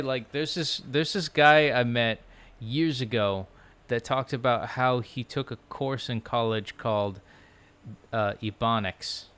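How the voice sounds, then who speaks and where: A man vlogging from a low couch at home into his laptop, musing aloud in a loose, rambling way full of "like" and restarts. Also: a bit bright, smooth. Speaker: language-learning vlogger. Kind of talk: casual rambling chat. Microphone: laptop microphone.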